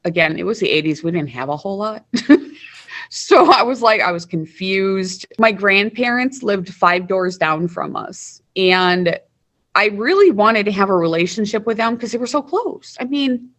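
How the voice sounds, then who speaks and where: A woman's voice: mid-range voice, animated, moderate pace, a bit bright. A woman in her forties from Wisconsin, candidly telling her life story as an interview guest, often repeating words. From Wisconsin, USA. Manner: candid, conversational, repeats words when emotional.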